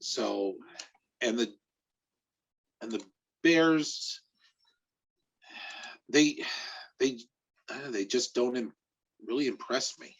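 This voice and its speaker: A man who writes about sports, chatting on a podcast in a hesitant, halting way, with a husky voice. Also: medium pitch, lively intonation. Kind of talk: casual sports podcast chat. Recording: dull lo-fi recording.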